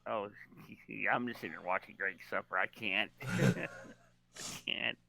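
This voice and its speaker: A man's voice: on the low side, fairly even intonation, unhurried, creaky, bright, forceful tone, dry recording. A man co-hosting a casual podcast chat, rambling with lots of fillers and restarts. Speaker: podcast co-host.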